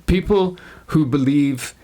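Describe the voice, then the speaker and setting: A man's voice: a little high, slow pace, mellow. A middle-aged man co-hosting a casual family podcast with his daughter, teasing her with dry banter and frequent restarts. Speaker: podcast co-host, father.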